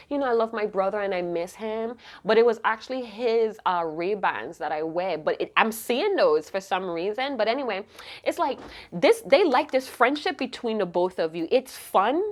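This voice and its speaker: A woman's voice: medium pitch, animated, normal speed. A woman giving an intuitive tarot reading to camera, emotive and rambling, often breaking off mid-thought to restart. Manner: rambling, emotive, self-interrupting. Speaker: tarot reader.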